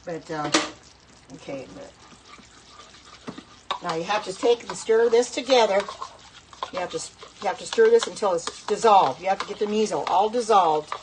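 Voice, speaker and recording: This middle-aged home cook speaks at a moderate pace with a medium-pitched voice, pausing often as she cooks at her stove. Amid background noise, she chats to her viewers in a rambling, self-correcting style typical of a casual cooking vlog.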